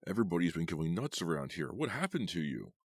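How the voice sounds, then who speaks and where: A blunt, easygoing teenage boy, voiced by a male audiobook reader in a very deep voice that moves a lot in pitch. The sound is close and dry. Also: very animated, quick pace, no room sound, full character voice. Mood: excited, baffled. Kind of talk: audiobook character voice.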